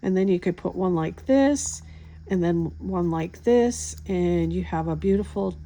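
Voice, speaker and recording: Craft tutorial host, woman, unhurried chatty step-by-step delivery, mellow tone. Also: on the low side. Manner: relaxed, chatty step-by-step explaining. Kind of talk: hands-on craft demonstration.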